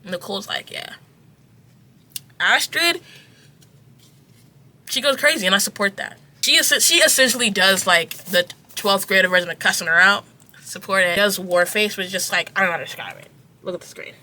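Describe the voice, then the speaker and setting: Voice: medium pitch, brisk, sharp tone. A young adult giving a casual book review, chatty and full of "like" and "you know what I mean.".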